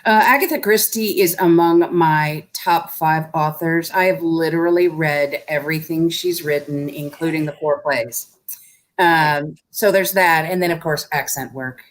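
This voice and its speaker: A woman's voice: sits low, unhurried. A middle-aged woman, an actor guest in a casual interview, talking with dry, wry humor.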